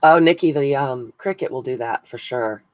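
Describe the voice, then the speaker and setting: Seated at an indoor crafting table, a craft channel host greets viewers by name and muses aloud as she glues buttons during a relaxed live stream. Her voice is extremely low and at normal speed, captured on a dry, poor-quality recording.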